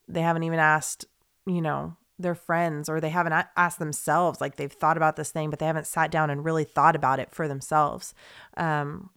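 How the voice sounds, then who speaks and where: A young woman speaks on her podcast in a lowish voice, earnest and confiding. She rambles with fillers and restarts and lets her emotion show. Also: fairly bright tone, smooth. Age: young adult. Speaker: podcast host. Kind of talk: heartfelt podcast monologue.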